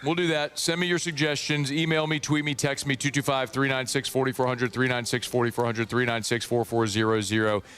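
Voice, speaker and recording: A man's voice: mid-range voice, little pitch movement, a little fast, hardly any pauses, fairly bright tone, soft background music. Teasing male sports radio host. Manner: teasing, quizzing, dry humor. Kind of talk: casual chat.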